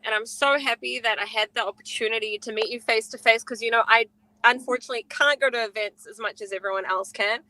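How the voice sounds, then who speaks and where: A woman co-host chats warmly in a gushing, effusive way, piling on praise and fillers. Her voice is bright and forceful and sits a little high, recorded dry and close with no room around it. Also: steady tone, fast, dry recording, low-quality recording. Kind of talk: casual podcast chat.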